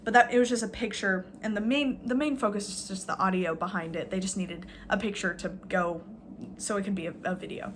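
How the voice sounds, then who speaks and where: A woman's voice: medium pitch, brisk, background noise. Woman in a rambling sarcastic rant. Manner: sarcastic, filler-heavy, swears casually. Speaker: vlogger.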